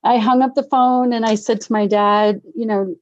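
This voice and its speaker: A middle-aged woman tells a personal story in a relaxed, conversational way. She is animated and slips into the voices of the people she quotes. The recording is dull and dry. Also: fairly high pitch, normal speed, no echo. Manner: animated, acts out quoted voices, laughs often. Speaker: guest sharing recovery story. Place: Denver area.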